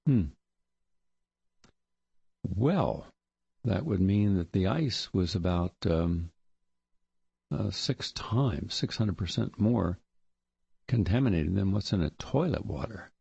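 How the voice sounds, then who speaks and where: A man hosting a radio talk show, chatting deliberately and laughing at his own points. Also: on the low side, lively intonation, gravelly, a little mellow, breathy edge, dry recording, highs cut off. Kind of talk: talk radio monologue and joke telling.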